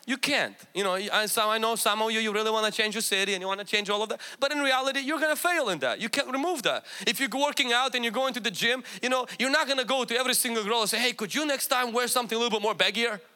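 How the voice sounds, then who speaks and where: A man's voice: very high voice, fast, hardly any pauses, pushed and bright. A man who is a pastor, telling a personal story with self-mocking humor and then preaching with rising fervor. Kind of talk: sermon.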